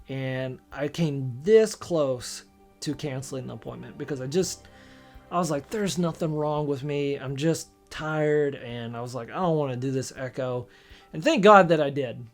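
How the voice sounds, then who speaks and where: A man telling a personal story in a casual, halting way, often restarting sentences and acting out what others said to him. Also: fairly high pitch. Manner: halting, with many restarts and quoted dialogue. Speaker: storyteller recounting a personal experience.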